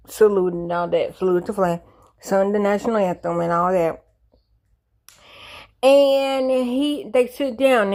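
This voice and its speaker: A woman's voice: mid-range voice, darkish tone. Woman ranting playfully to her viewers. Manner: rambling and repetitive, profane, jumps between playful and emphatic. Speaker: commentator. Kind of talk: casual comedic rant to camera.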